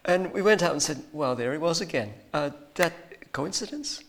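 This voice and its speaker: A man's voice: a little high, lively intonation, normal speed, creaky, a bit bright. A man telling a personal story with a spiritual point, in a rambling, hesitant way with many ums and restarts. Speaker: speaker sharing a personal testimony.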